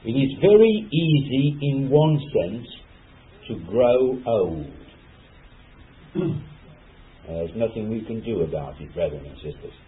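Unhurried preacher on a tinny recording. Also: male voice, mid-range voice, expressive. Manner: addresses listeners as brethren and sisters, rhetorical asides. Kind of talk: sermon. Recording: phone-like lo-fi recording.

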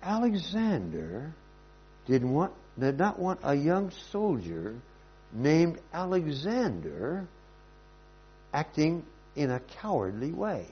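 Husky, animated male preacher. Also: a little high, measured pace, few pauses, highs cut off. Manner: storytelling, lively and emphatic. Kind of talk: sermon.

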